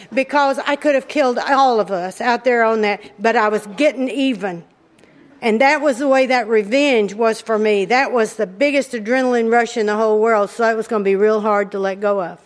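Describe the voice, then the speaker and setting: Fairly high in pitch and fairly quick, a middle-aged woman tells an audience a funny personal story. She keeps it lively with a drawling, folksy manner and laughs often.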